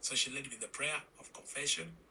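Man, mid pitch, very bright tone, telling his testimony in halting, earnest bursts with restarts, slight background hiss. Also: rough recording. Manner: earnest, halting with repeated restarts, drops to a whisper at intense moments. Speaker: guest telling his conversion story. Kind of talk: emotional testimony in a podcast interview.

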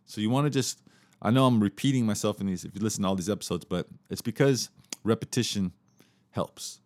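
Low-voiced man explaining casually. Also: brisk, no room sound. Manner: relaxed, repeats himself, many fillers and restarts. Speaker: podcast host teaching communication.

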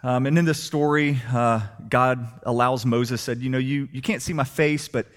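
A man preaching a sermon, asking the congregation rhetorical questions and swinging between soft and emphatic delivery. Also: mid-range voice, normal speed. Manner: animated, rhetorical questions, shifting loud and soft. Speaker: pastor.

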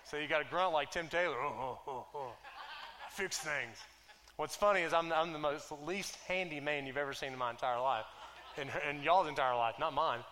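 A man preaching a sermon, conversational and joking, who slows right down when reading scripture. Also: a little high, steady tone, sharp tone. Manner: conversational and joking, drags out scripture lines slowly. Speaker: pastor.

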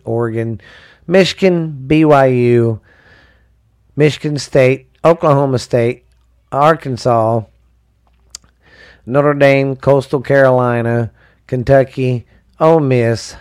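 Male podcast host, unhurried and profane, loose rambling read. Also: mid-range voice, darkish tone, smooth. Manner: rambling, profane, drawling, reads lists with fillers. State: dry mouth. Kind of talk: casual sports podcast rundown.

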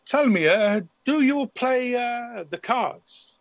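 Man doing a showy gambler, bad italian-ish accent, hesitant, courtly, gravelly, slow. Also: extremely high pitch, expressive, dry recording, highs cut off, pitched above the performer's own voice, full character voice. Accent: bad put-on Italian-ish accent. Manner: halting, full of ums and uhs, grandly polite. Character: flamboyant caped male gambler, overly courtly.

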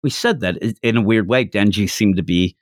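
A man co-hosting a casual manga discussion podcast, talking animatedly and acting out character lines in quick put-on voices. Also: on the low side. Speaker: podcast co-host.

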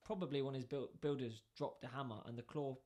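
A man tells a long story in relaxed conversation. His voice sits at a middle pitch. He acts out the exchanges with lively back-and-forth dialogue. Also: brisk. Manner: animated, acts out both sides of dialogue. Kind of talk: casual storytelling.

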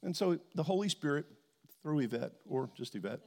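A man's voice: fairly high pitch, lively intonation, a little fast, a little mellow, long reverb tail. A man preaching a sermon as a pastor, telling a personal story and acting out his conversations with God.

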